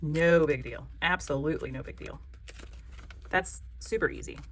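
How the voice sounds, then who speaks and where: A woman's voice: low voice, moderate pace. A woman with a Southern American accent hosts a casual craft tutorial, chatty, joking and encouraging. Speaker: craft channel host.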